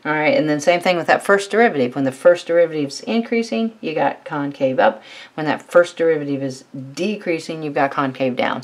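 A woman with a low voice teaching a calculus lesson on video. She works through each step in a relaxed, conversational way, thinking aloud as she writes. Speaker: math teacher. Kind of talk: recorded math lecture.

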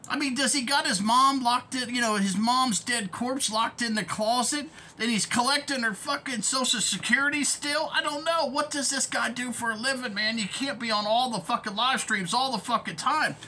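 A man's voice: extremely high pitch, moderate pace, few pauses, bright, forceful tone, slight background noise. A man ranting in a vlog as an online commentator, profane, rambling and heated.

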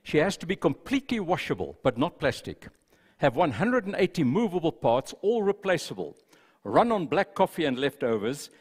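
A man voicing God as a patient, proud creator in a read-aloud story, in a gentle storytelling voice. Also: fairly high pitch, slightly rough. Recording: reverberant church hall.

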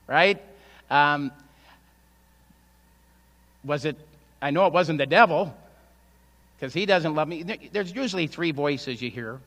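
Male pastor with a higher voice, chatty sermon, lots of questions to the crowd, long church echo. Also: expressive, unhurried, pauses often, fairly bright tone. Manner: conversational preaching with rhetorical questions. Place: church sanctuary. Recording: long church hall reverb.

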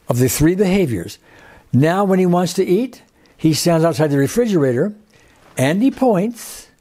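A man's voice: a little high, dark tone. A man, older, hosting and explaining in a casual way, rambling with restarts and fillers. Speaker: host.

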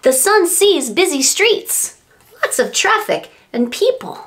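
Animated librarian woman reading to toddlers. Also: very high voice, slow pace. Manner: animated, sing-song, playful with children. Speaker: children's librarian. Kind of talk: story time reading for babies and toddlers.

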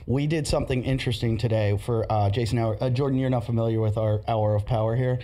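A man's voice: mid-range voice, fairly even intonation, fast, warm tone. Laid-back man telling comic stories. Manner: storytelling with laughs and comic voices. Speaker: podcast host and stand-up comedian. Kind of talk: casual chat, telling stories.

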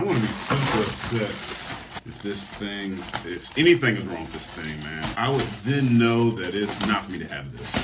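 A man telling a long story in a casual unboxing vlog, animated and full of loud, exasperated outbursts, recorded in an indoor room. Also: low voice, background noise. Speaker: vlogger. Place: indoor room with green screen.

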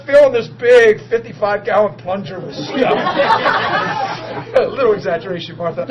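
A man preaching a testimony as a story, excitable, bursting into laughter and shouts. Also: high voice, measured pace, a loud crowd. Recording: muffled recording with steady hum.

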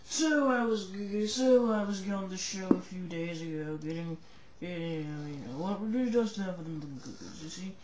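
Woman doing a pompous guest host, slow and rambly, lots of restarts, echoey room. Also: lowish voice, a crowd in the background, lightly acted. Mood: rambling. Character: rambling self-important guest host, complaining. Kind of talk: homemade comedy sketch. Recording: echoey room, faint noise.

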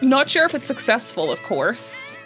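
A woman's voice: on the high side, very animated, moderate pace, a bit bright, faint music behind. Bubbly woman gushing over a game. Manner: bubbly, gushing, frequent gasps and laughs. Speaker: gaming YouTuber. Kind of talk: casual let's play commentary.

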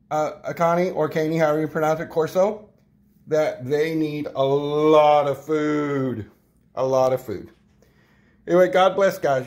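A man with a voice sitting a little above the usual male range talks in an easygoing home vlog. He rambles, restarts and repeats words as he goes, like an owner explaining his routine off the cuff. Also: a little high. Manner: rambling, filler-heavy, repeats himself. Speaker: dog owner vlogger.

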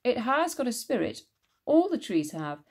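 A woman voicing a thoughtful young girl who speaks softly and matter-of-factly. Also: a little high, big pitch swings, moderate pace, pitched above the performer's own voice. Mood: earnest.

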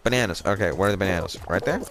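A man giving casual, jokey commentary over his own gameplay, excitable and playful, mock raging and rhyming nonsense. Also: low-pitched, very fast, background noise.

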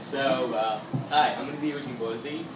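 A man's voice: medium pitch, steady tone, fairly quick, heavy background noise. A young man in his twenties from Sri Lanka with a Sri Lankan accent, a magician chatting with a comedy club crowd in a showman-like way. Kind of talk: stand-up stage patter. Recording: echoey room, mic far off.

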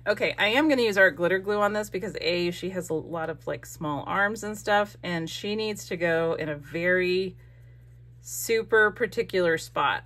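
A woman hosts her own crafting channel in a casual, rambling way. Her voice sits on the lower side, and she often breaks off mid-thought while she glues. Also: fairly bright tone. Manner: chatty, rambling, self-interrupting.

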